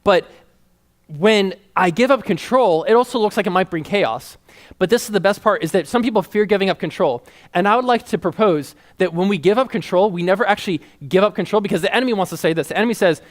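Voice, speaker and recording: A man preaching a sermon, energetic and laughing often, acting out quoted lines in a lower voice. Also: fast.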